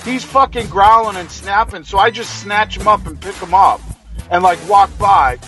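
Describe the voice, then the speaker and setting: A man's voice: high-pitched, normal speed, pushed and bright, soft background music. A man telling a heated, profane story in casual podcast chat. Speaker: podcast co-host.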